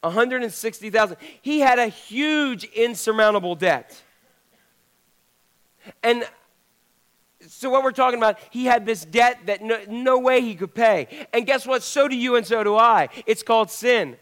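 A man's voice: very high voice, a little slow, a bit bright. A male pastor preaching a sermon in a conversational way, putting questions to the congregation.

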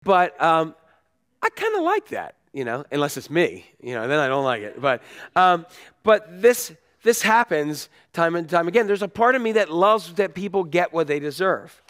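Animated man preaching a sermon. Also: fairly high pitch, moderate pace. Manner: animated, conversational preaching with voiced asides. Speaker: pastor.

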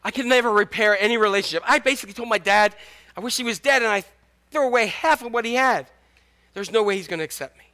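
A man voicing an ashamed young prodigal son, halting and pleading as he rehearses an apology. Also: sits high, pushed and bright. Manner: halting, pleading, self-abasing.

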